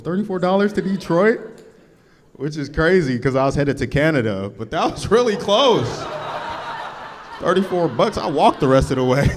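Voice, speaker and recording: Laid-back man doing stand-up. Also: medium pitch. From Los Angeles. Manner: laid-back punchy delivery, slangy asides like bro and you feel me. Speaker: stand-up comedian. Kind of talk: stand-up comedy set. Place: live comedy show before an audience.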